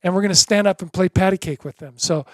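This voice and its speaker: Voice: mid-range voice, fast, dry recording, studio quality. A drum teacher giving a beginner lesson in an encouraging way, chanting drum syllables in rhythm.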